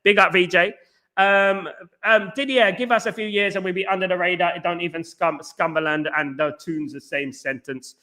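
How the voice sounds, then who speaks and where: Guy on a football fan livestream, high bright voice, rattling off chat shoutouts nonstop. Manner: rapid, animated, reads out chat messages with banter. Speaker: fan channel host reading live chat. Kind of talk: fast casual live-stream chat.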